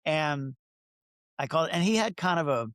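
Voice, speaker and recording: A man's voice: fairly high pitch, lively intonation, moderate pace, fairly bright tone, clean tone, no echo. A middle-aged man, a photographer, telling stories in a casual interview, chatty and self-interrupting, acting out quoted dialogue.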